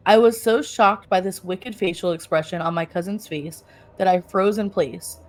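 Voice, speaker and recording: A woman co-hosting a podcast, reading a first-person story aloud with laughing asides and self-corrections. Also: medium pitch.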